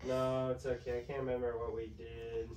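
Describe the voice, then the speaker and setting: A man's voice: mid-range voice, completely flat delivery, normal speed, darkish tone, slight background noise. A young man, a father, joking around casually with his partner at home, dropping "bro" and "dude". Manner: laid-back, joking, says "bro" and "dude". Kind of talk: casual family chat.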